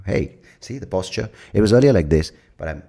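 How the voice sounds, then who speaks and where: Deep-voiced male podcast host; loose, meandering solo talk full of fillers and casual swearing, recorded close to the mic. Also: lively intonation, fairly quick, creaky, warm tone. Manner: rambling, with many fillers and restarts; swears freely. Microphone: leaning in close to the mic.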